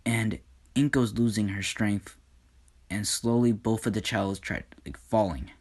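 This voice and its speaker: Male storyteller, low voice, slow, halting casual fan-story narration. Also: steady tone, a little mellow. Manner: halting, with frequent fillers and restarts.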